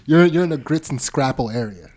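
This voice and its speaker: A man hosting a comedy podcast, joking in quick casual banter with laughs. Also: mid-range voice, darkish tone. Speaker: podcast host.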